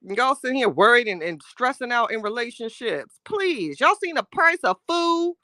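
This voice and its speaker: A woman's voice: a little high, moderate pace, no room sound, studio quality. A woman hosting a casual livestream, reading chat and talking with sass, laughing often. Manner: sassy, animated, laughing often, Southern Black American slang.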